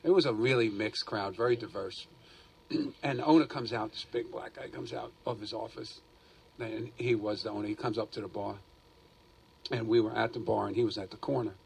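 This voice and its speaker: A man's voice: fairly low pitch, steady tone, brisk, darkish tone, a little hiss or hum, poor audio. A man from the Bronx, telling stories in casual chat at an easy pace. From the Bronx, New York. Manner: gravelly, laid-back storyteller.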